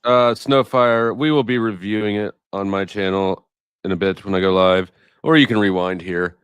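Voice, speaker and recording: A man's voice: on the low side, fairly even intonation, normal speed, fairly bright tone, smooth, dry recording. A man streaming on a livestream panel, teasing others and calling out viewers by name. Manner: teasing, reads out viewer names. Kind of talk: casual panel chat. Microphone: streaming call mic.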